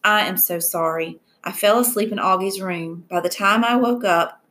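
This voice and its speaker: A woman's voice: medium pitch, moderate pace, a bit bright, natural voice. A woman voicing a protective middle-aged mother who speaks in an anxious, apologetic way.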